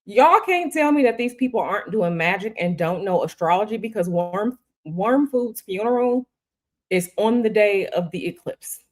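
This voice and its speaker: A woman's voice: mid-range voice, expressive, moderate pace. A woman hosting a tarot livestream from a hotel room, talking casually and chattily to her viewers and repeating herself often. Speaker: tarot reader and livestream host.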